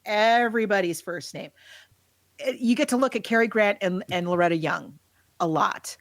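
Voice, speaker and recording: A woman co-hosting a podcast, chatting casually about a movie and telling scenes in an animated way. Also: medium pitch, vocal fry, no echo. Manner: animated storyteller who acts out scenes with quick laughs. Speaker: podcast co-host.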